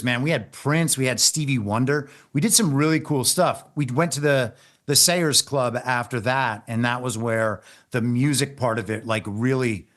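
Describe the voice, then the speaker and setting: A man speaking as a podcast guest, recalling past days in a relaxed, enthusiastic way. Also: mid-range voice. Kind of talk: casual conversation.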